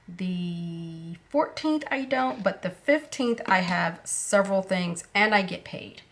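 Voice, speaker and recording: A woman talking casually through her budget planner, unhurried and thinking aloud with fillers as she goes. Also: medium pitch, lively intonation. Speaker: planner vlogger.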